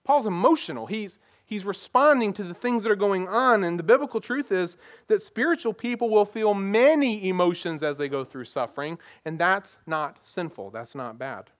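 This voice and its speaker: A man's voice: high-pitched, lively intonation, moderate pace. A man preaching a sermon as pastor, plain and conversational, leaning on rhetorical questions. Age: adult parent.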